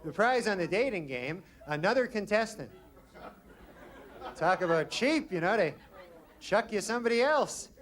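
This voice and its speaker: High-voiced deadpan young male comedian. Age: young adult. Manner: deadpan, rambling, drawn-out delivery. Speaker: stand-up comedian. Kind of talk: stand-up comedy set. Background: audience laughter.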